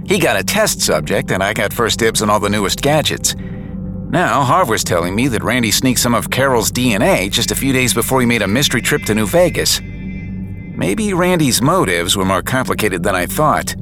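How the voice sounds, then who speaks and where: A man reads a first-person detective story with a wry, hard-boiled edge. His voice is fairly low but moves lively up and down through each sentence. Music runs underneath the reading. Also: normal speed. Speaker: audiobook narrator and lead character. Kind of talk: first-person audiobook narration.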